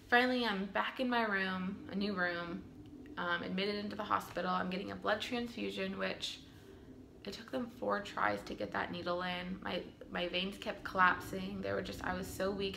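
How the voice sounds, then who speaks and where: Young woman with a bright, gravelly voice. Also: mid-range voice, slight background noise. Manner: earnest, with frequent ums and retold quotes. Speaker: vlogger telling her birth story. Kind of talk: casual storytelling to camera. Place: home room.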